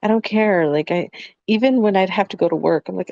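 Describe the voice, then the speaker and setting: A woman with a somewhat low voice speaks reflectively on a podcast and fills her speech with "like". She sounds middle-aged. The sound is dry and a little dull and lo-fi. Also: fast talker, creaky, dark tone, no echo. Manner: reflective, filler-heavy with frequent "like". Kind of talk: casual podcast conversation.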